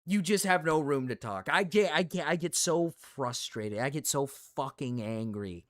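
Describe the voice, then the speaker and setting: A man's voice: on the high side, lively intonation, normal speed, dry recording, studio quality. A young man streaming live, ranting casually with lots of swearing and repeated phrases. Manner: ranting, profane, repeats himself. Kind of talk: casual livestream rant.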